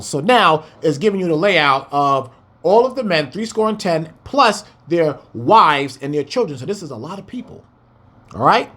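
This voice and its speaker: A man's voice: on the high side, big pitch swings, normal speed, sharp tone. A man reading scripture verse by verse and breaking it down in emphatic, conversational commentary, talking to his listeners as family. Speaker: Bible teacher. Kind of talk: casual Bible study commentary.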